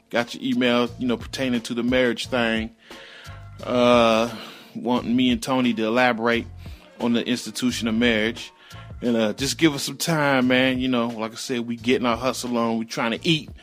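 A man hosting his own podcast, telling a story in loose, slangy casual talk and jumping high when he acts out heated moments. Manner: loose, slangy, animated retelling with sudden high-pitched outbursts. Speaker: podcast host.

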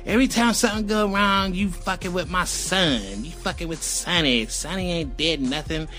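A man puts on a middle-aged mother, angry and defensive, who scolds loudly in a raised voice. Her words come fast and indignant, and she stands up for her son. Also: high voice, soft background music, pitched above the performer's own voice.

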